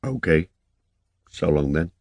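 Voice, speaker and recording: A man's voice: animated, slow, creaky, a little mellow, no echo, full character voice. A man reading an audiobook, voicing a wary but kind young woman by lifting his voice. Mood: subdued. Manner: lifts his voice higher for her.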